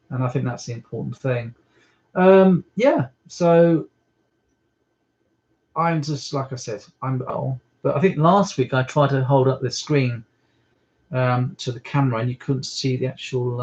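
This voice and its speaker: Man, mid pitch, hesitant rambling live-stream host at home, dull lo-fi audio. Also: darkish tone. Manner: rambling, hesitant, many ums. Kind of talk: casual live-stream chat. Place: at home indoors. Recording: slightly muffled lo-fi stream audio.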